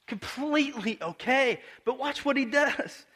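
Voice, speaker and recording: Male preacher, high and bright voice, animated conversational sermon delivery. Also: normal speed. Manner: animated storytelling with acted quotes and direct questions to the audience. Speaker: pastor.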